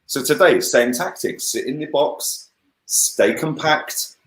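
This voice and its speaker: A man giving a casual, animated football review on a livestream, full of "yeah?" and "bruv". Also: a little high, slow, echoey room. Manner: animated, lots of "yeah?" and "bruv", laughs often. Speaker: football channel host.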